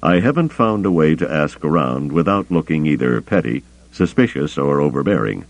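A man voicing a calm, careful male smuggler leader in an audiobook, deep and gravelly. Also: heavily acted. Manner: measured, deliberate.

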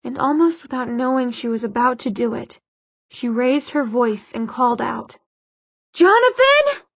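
Female audiobook narrator, slightly high and husky, close dry mic, dull lo-fi audio. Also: steady tone, normal speed, no room sound.

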